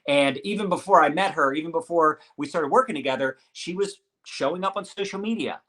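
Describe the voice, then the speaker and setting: Pumped-up guy hosting a live stream on a video call, bright punchy voice, kinda high. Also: brisk. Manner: upbeat, hyped-up motivational. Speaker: host.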